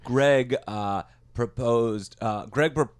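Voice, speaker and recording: A man's voice: medium pitch, takes it slowly, smooth, no room sound, studio quality. Teasing man on a podcast. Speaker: podcast co-host. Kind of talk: casual comedic chat.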